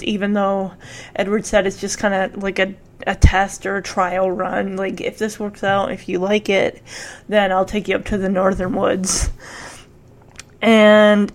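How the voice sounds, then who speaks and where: A woman host giving a casual, animated recap of a TV episode, acting out the characters' lines and saying "like" often. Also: mid-range voice. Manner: animated storytelling, acts out characters' lines, frequent "like". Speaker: podcast host.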